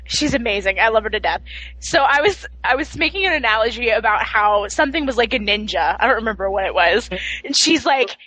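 Woman on a fan podcast, high bright voice, chatty and teasing. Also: animated, quick pace, poor audio. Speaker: podcast co-host. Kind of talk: casual podcast chat.

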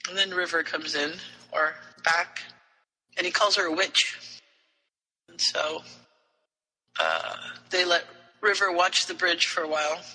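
High-voiced guy recapping a story on a podcast, super bright tone, lots of reverb in the room. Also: a little slow, long pauses. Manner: animated retelling with quoted voices. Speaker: podcast co-host. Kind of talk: casual chat recapping a story.

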